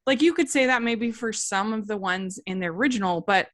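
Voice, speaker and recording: A woman's voice: mid-range voice, brisk, a bit bright, no room sound, studio quality. A woman hosting a review podcast in casual chat, talking through her points with frequent restarts. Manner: chatty, many restarts and "like" while reasoning out her critique.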